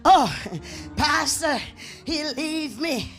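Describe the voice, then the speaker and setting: A woman with a Jamaican accent preaching a revival sermon in church, dramatic and call-and-response, building to shouts. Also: high voice, drawn-out words. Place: church sanctuary. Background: organ or keyboard music.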